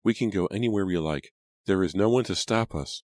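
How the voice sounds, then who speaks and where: A man's voice: low voice, brisk, a little mellow, no echo, clean studio sound, pitched above the performer's own voice, natural voice. A man voicing an eager, daring young village girl in an audiobook.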